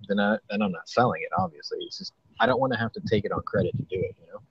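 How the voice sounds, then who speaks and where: A man's voice: sits low, sing-song, very fast, vocal fry. A man hosting a casual podcast chat, rambling and profane, often restarting his sentences. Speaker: podcast host. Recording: dull lo-fi with faint noise.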